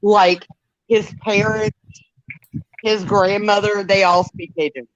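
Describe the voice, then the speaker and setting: A woman chatting casually on a live stream, telling stories in an emphatic, expressive way. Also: mid-range voice, slow pace, no echo, dull audio. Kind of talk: casual chat.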